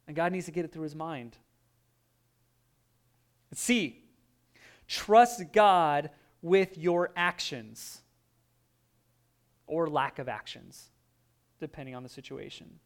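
A man preaching a sermon, telling a personal story with lively, animated delivery and acted-out quotes. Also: a little high, slow pace, pauses often, clean tone. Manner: animated storytelling, acting out his own voice in quotes. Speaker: pastor.

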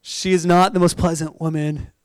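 A young man preaching a sermon, telling a personal story in a chatty, animated way with plenty of "like" and laughter. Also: on the high side, moderate pace, clean tone, no room sound, low-quality recording.

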